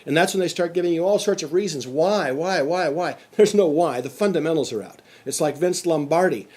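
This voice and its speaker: A man's voice: on the high side, quick pace, darkish tone, slightly rough. Emphatic man lecturing on sales. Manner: emphatic, repeats key phrases, acts out quotes. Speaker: sales trainer.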